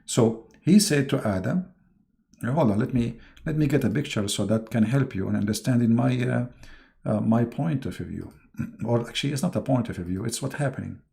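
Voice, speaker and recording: A man with a gravelly, dark voice talks through a livestream in a mocking tone. He halts often, fills the gaps with fillers and keeps slipping into put-on voices. His pitch sits in the middle range for a man. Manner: mocking, halting, with many fillers and sudden jumps into put-on voices. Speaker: online religious debater and host.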